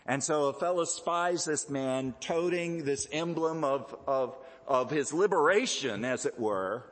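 A man preaching a sermon in a measured, explanatory way, often pausing with fillers and repeated words. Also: on the high side. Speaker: pastor. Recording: echoey hall.

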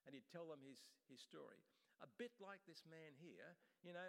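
Male preacher, conversational sermon delivery, slightly high voice, church hall reverb. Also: animated, normal speed, creaky. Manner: conversational preaching with frequent restarts.

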